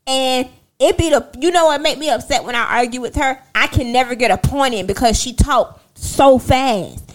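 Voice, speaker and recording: A young woman talks casually to her viewers. She tells her story in a lively, sassy way, and her voice sits fairly high. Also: normal speed. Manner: animated, sassy storytelling with laughs. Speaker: livestream host.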